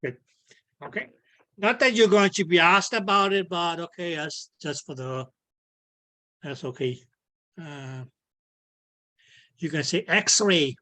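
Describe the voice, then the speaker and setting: A man teaching an online physics class, slowly and patiently, filling his speech with "okay" and making small grammar slips. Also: on the high side, sharp tone. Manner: repeats "okay" as filler, non-native grammar slips. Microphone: video call.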